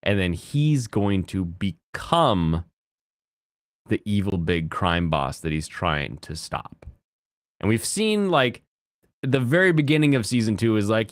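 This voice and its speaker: A man in his thirties chats on his stream in a loose, rambling way, giggling often. His voice sits on the low side, and the sound is dry and close. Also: animated, a little slow, no room sound. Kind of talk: casual chat.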